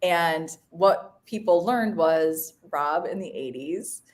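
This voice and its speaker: A woman's voice: lowish voice, slow pace. A woman co-hosting a live stream in casual chat, bubbly and teasing, laughing often. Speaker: co-host.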